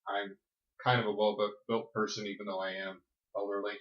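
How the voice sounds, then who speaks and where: A man in his thirties playing a tabletop game, describing his character's actions in a halting way. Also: lowish voice, flat delivery. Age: 30s. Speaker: player. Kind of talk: casual tabletop play. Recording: echoey room, dull lo-fi sound.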